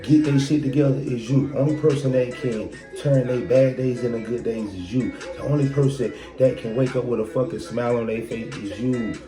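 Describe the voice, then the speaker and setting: Speaking fairly quickly with few pauses, a man with a medium-pitched voice hosts a podcast. He delivers a blunt, profane motivational talk full of rhetorical questions. The room is echoey, and loud music plays underneath.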